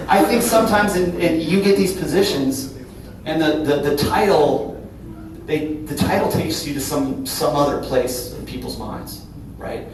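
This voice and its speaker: Here a middle-aged Cincinnati, Ohio man with a fairly high voice talks unhurriedly and candidly to a live audience, the CEO of a company at a business breakfast. He's earnest and conversational, repeatedly tacking on "right?" Heard from far off in a large, very echoey event room with a faint hum, the clip includes scattered audience laughter.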